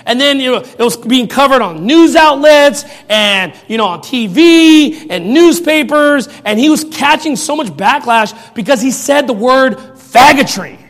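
High-voiced sarcastic ranting man. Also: animated, a little slow, few pauses. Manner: sarcastic and mocking, bursts into shouts. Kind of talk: ranting commentary. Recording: long reverb.

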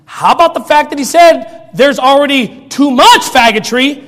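High-voiced sarcastic ranting man. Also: moderate pace. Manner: sarcastic and mocking, bursts into shouts. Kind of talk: ranting commentary. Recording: long reverb.

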